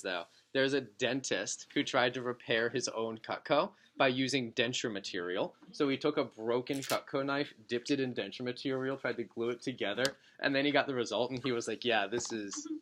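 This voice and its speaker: In a meeting room full of listeners, a man addresses his sales team as their district manager with a motivational talk. His voice is medium-pitched, with a little hiss or hum in the recording. He's a lively storyteller who acts out quotes and jokes around.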